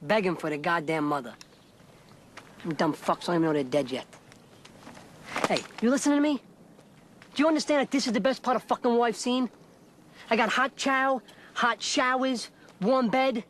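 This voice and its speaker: An actor playing a bitter, battle-hardened army veteran who sneers at new recruits in a war drama. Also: male voice, high-pitched, moderate pace, long pauses, a bit bright. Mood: mocking. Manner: scornful, sneering rant.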